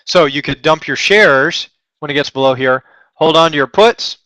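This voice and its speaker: A man's voice: a little high, moderate pace, bright, forceful tone, no echo. Chatty Texan man teaching trading. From Texas. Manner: chatty, joking and self-deprecating, rambling asides. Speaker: trading webinar host. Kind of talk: live trading lesson, thinking aloud.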